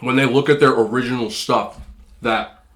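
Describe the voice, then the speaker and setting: A food vlogger doing a casual mukbang chat, his slightly nasal voice sitting at medium pitch with a steady tone and a touch of brightness. He talks at a moderate pace, rambling and chatty, getting words in between bites as he eats on camera.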